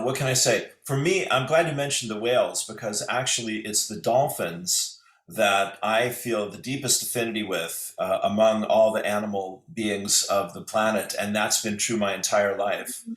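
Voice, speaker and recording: A man's voice: fairly low pitch, a little slow, a bit bright, echoey room. A man speaking as a guest on an online call, rambling and hesitant, with many fillers and restarts. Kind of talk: casual spiritual conversation. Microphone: video call.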